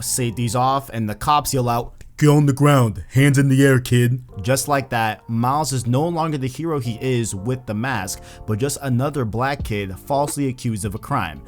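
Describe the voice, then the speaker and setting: A man hosting a video who recaps a story in a casual, conversational way, speaking straight to his viewers. His voice sits in the middle of the range. Soft music plays quietly underneath. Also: mid-range voice. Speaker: video host. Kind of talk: casual book recap commentary.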